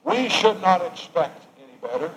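A man's voice: high voice, sing-song, moderate pace, gravelly, rough recording. Emphatic male preacher, faint hiss. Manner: emphatic preaching with wide swings between loud and hushed. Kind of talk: sermon.

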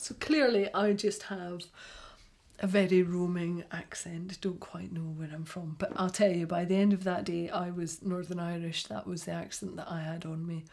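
A woman's voice: on the low side, normal speed, gravelly. Chatty woman, yarn vendor. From Scotland. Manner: chatty, animated storytelling. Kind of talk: casual chat.

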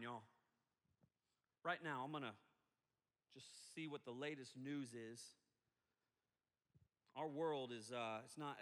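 A pastor with a mid-range voice delivers a lively, informal sermon, acting out quotes and slipping into asides, his words echoing around a hall.

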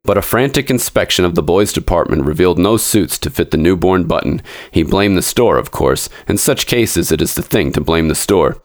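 Deep-voiced man reading a story aloud. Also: expressive, moderate pace, few pauses. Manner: reads all parts, lifting his voice for the characters. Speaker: podcast story reader.

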